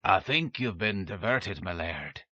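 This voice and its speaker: Croaking, old male ghost voiced by a man, stern, archaic Scots-tinged, muffled dry recording. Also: low-pitched, animated, measured pace, sharp tone, no echo, heavily acted. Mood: stern warning.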